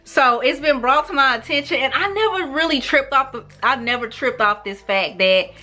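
A woman in her thirties with a St. Louis accent, chatting casually to camera in a relaxed, slangy way. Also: high voice, normal speed. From St. Louis, USA. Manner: relaxed, slangy, animated with laughs. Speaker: YouTuber. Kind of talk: casual vlog, talking to camera.

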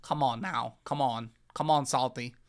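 A man's voice: medium pitch, fairly even intonation, normal speed. A young man hosting a gaming podcast, chatting casually with loose, joking trash talk. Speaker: podcast host. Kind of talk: casual chat while streaming.

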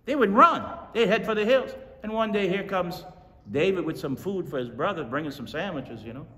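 A male pastor preaching a sermon, telling stories with animated energy and repeating lines for emphasis. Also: sits high, a little fast. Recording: echoey hall from far off.

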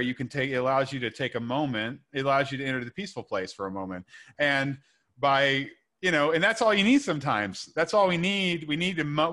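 Bright-voiced man telling a story. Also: fairly high pitch. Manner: earnest, rambling storyteller. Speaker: guest author. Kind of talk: casual podcast conversation.

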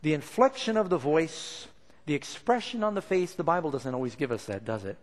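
A man preaching a sermon in a lively, expressive way, acting out the lines he quotes. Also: fairly high pitch, a little fast. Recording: long reverb of a large hall.

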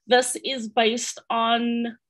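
A woman's voice: fairly high pitch, level tone, extremely slow, fairly bright tone. A South African woman with a South African accent giving an online seminar talk as an astronomer, upbeat and friendly, with frequent ums and restarts. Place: home or office in Amsterdam.

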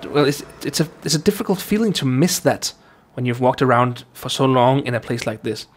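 A man's voice: mid-range voice, brisk, a little hiss or hum. A man casually commenting on his gameplay, rambling and talking to himself with lots of fillers and restarts. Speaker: gaming YouTuber. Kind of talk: casual let's play commentary.

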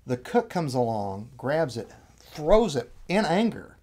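A man telling an anecdote in casual chat, annoyed, animated, acting out what people said. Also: medium pitch, slow pace, noisy background. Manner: animated retelling, acts out quotes.

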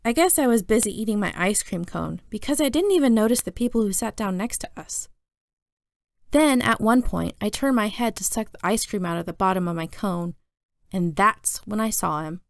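A woman reading a novel aloud as first-person narration, telling it in an even storytelling manner. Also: mid-range voice, normal speed, gravelly, no echo, clean studio sound. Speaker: audiobook reader.

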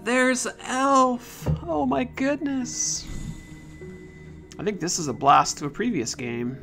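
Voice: medium pitch, slow, fairly bright tone. A gamer playfully commenting on a puzzle game while playing, chatting to the characters on screen. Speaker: let's play gamer. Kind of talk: casual gameplay commentary. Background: faint game music.

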